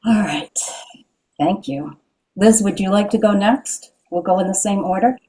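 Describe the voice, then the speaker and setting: A woman leading a voice workshop, gentle and encouraging with the group. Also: mid-range voice, a little slow, husky, low-quality recording. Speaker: workshop facilitator. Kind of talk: guiding a voice workshop.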